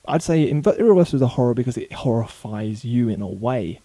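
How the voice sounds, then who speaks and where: A man talking casually in his bedroom for a home vlog, rattling off a long list quickly, with small slips and corrections along the way. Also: mid-range voice, animated, dark tone, no room sound. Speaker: video blogger.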